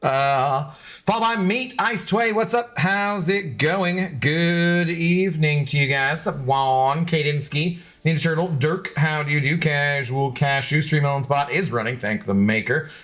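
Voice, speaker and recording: On a live game stream, a man with a slightly high, somewhat bright voice chats casually at a measured pace. He's scattered and talkative while sorting out technical problems, and he baby-talks to his dog.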